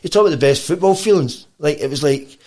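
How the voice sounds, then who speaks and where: Fast-talking Scottish man. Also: fairly high pitch. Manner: rambling, with lots of restarts; animated storytelling. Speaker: guest musician. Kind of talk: casual podcast chat.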